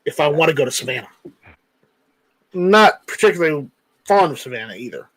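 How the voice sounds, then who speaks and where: A man's voice: a little high, lively intonation, fairly quick, a bit bright, no echo, poor audio. A man hosting a casual livestream, reading viewer comments aloud and rambling with jokes. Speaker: livestream host reading chat.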